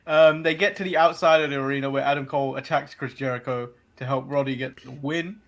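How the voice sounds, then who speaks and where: A man's voice: a little high, normal speed, fairly bright tone. A man co-hosting a podcast, recapping in a playful, casual way with frequent hesitant ums and uhs. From England. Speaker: co-host of a wrestling podcast. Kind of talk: casual chat.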